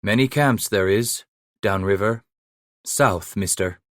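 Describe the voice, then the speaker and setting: Man voicing a big foreign stranger, deep voice, brusque, broken short phrases, dry close sound. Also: slow pace, fairly bright tone, no echo.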